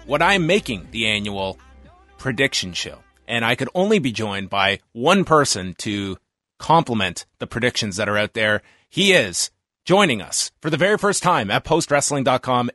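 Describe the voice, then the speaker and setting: A man's voice: mid-range voice, fairly bright tone, no echo, studio quality. A man hosting a podcast, chatting casually and enthusiastically with his guest. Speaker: podcast host. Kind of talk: casual interview chat.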